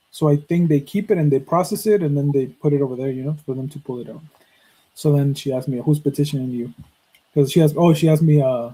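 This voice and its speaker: Podcast host, man, 30s, from Mexico; mellow, husky tone; swears freely while narrating and acts out quoted lines. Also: mid-range voice, poor audio. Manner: profane, animated, acts out quoted dialogue. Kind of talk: casual storytelling.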